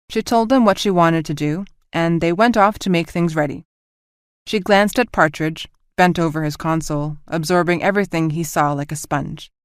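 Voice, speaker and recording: A woman narrating a science fiction audiobook with an even, clear reading, voicing all the characters herself. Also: on the low side, no room sound, clean studio sound.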